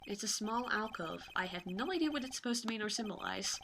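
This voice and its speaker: A woman's voice: mid-range voice, lively intonation, fairly quick, vocal fry, noisy background. A woman hosting a let's play, reading game text aloud with playful, sarcastic asides and casual swearing.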